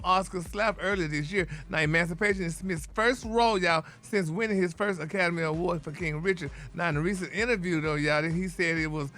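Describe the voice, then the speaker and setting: Flamboyant high-voiced man dishing gossip. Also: a bit bright. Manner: flamboyant, sprinkles "honey" and "y'all". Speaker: celebrity news correspondent. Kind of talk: gossipy celebrity news segment.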